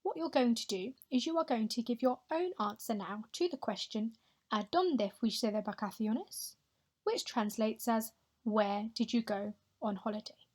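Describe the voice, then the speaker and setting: Patient woman teacher, slightly high voice. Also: darkish tone. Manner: clear, patient, models pronunciation slowly. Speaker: Spanish teacher. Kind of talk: recorded voice-over lesson. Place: home or classroom, voice-over on slides.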